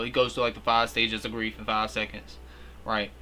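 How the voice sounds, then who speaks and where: A young man giving a casual, slangy movie recap, animated and full of fillers. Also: mid-range voice, moderate pace, a little hiss or hum. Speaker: movie reviewer.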